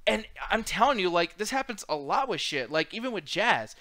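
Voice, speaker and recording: A man co-hosting a casual late-night movie review show, ranting in an animated, profane way. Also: sits high, a little fast, dry recording. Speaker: podcast co-host.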